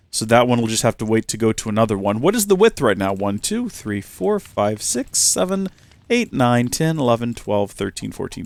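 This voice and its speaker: A man's voice: medium pitch, slight background noise. A man talking casually through his gameplay as host, chatty and self-mocking, often talking to the game's animals and to viewers. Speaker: Minecraft let's-play host.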